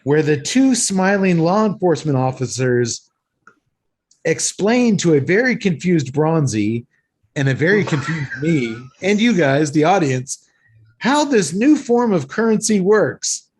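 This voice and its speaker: A man hosting a podcast and recapping an action movie in lively, sweary casual chat, a little tipsy from several beers. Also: on the high side, a little slow, slightly rough. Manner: animated, sweary storytelling recap. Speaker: podcast host recapping a film.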